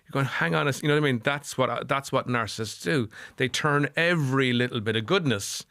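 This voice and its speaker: A man's voice: medium pitch, a little fast, pushed and bright, no room sound, clean studio sound. A middle-aged Irish man speaking as a psychotherapist guest on a podcast, earnest and repeating phrases for emphasis. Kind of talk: podcast interview.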